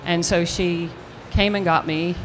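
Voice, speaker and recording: Animated older actress telling a story. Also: female voice, lowish voice, unhurried, slight background noise. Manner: animated storyteller acting out quotes with restarts. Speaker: actress guest. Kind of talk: storytelling anecdote in an interview.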